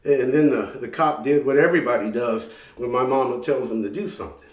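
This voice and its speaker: A man performing a solo theatrical story, telling it dramatically and often repeating words as he goes. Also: mid-range voice. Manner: dramatic, halting repetitions. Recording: roomy sound from a distant mic.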